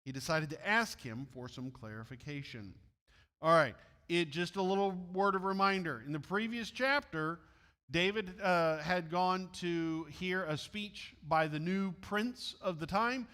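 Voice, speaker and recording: A man's voice: sits high, lively intonation, measured pace, bright, forceful tone, long reverb tail. A man with a Midwestern US accent reading a missionary story aloud at church, with friendly asides to his listeners.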